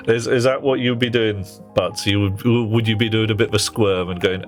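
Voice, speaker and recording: A man's voice: lowish voice, normal speed, hardly any pauses, soft background music. A man streaming a game, chatting playfully and teasingly with his viewers and muttering to himself as he works. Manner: talks to himself while working. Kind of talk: casual live-stream chat while playing.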